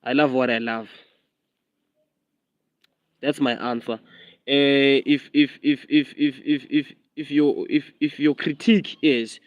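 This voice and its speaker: Hunched over his phone outdoors in the drizzle, a young Eswatini rapper and content creator livestreams a casual vlog, rambling, repeating himself, and talking defiant street talk. His South African accent carries an American twang, and his medium-pitched voice is steady and slow with frequent pauses, in a dry, lo-fi recording.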